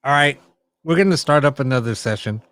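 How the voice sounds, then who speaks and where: A man's voice: mid-range voice, brisk, fairly bright tone, no echo. A man hosting a late-night live stream, chatting casually with his viewers and teasing back at them.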